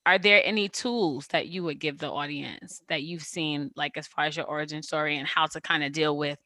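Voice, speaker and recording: A woman therapist hosting a casual podcast chat, talking quickly and playfully and laughing often. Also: low voice, fairly even intonation, bright, forceful tone, no echo.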